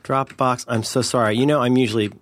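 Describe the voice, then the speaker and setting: A man in casual chat, rambling and joking as he narrates what he is doing, talking loud from across the room. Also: medium pitch, steady tone, fast. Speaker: podcast co-host. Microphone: headphones, talking loud from across the desk.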